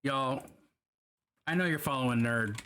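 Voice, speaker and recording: A man's voice: medium pitch, a little slow, sharp tone, a little hiss or hum. A man casually chatting and swearing to himself while painting a miniature on a live stream. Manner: profane, joking, talks to himself while working.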